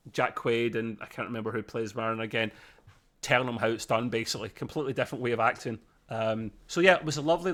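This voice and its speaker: A man's voice: medium pitch, fairly bright tone. A man co-hosting a podcast, talking through a review in a casual, rambling way that often digresses. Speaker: podcast co-host.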